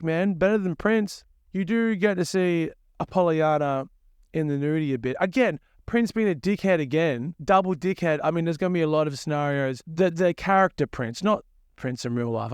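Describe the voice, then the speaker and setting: A man's voice: a little high, clean tone, no room sound, clean studio sound. A young man hosting his own music podcast, rambling crudely and swearing as he laughs at himself in a casual monologue.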